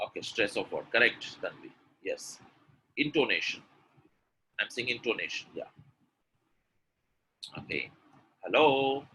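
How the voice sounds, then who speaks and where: Bright-voiced man teaching a webinar. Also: on the low side, a little slow, pauses often, slight background noise, poor audio. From India. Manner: animated, demonstrates by repeating words and answers viewers from the chat. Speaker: English pronunciation coach. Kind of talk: live online webinar teaching.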